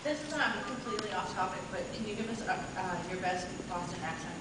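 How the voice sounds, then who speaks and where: A woman's voice: medium pitch, quick pace. A woman in the audience asking playful questions, giggling. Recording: echoey hall from far off, background noise.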